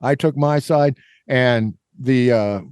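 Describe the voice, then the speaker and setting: A man's voice: mid-range voice, slow pace, darkish tone, clean tone, no echo. A middle-aged man hosting a podcast and telling a rambling story, full of fillers and acting out the people in it. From Kansas, US. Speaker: podcast host. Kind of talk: casual storytelling.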